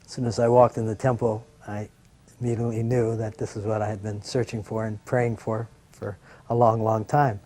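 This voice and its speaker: A man calmly recalling his first meeting as a devotee, in a reflective way, his voice often dropping softer. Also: lowish voice, moderate pace. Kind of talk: personal recollection.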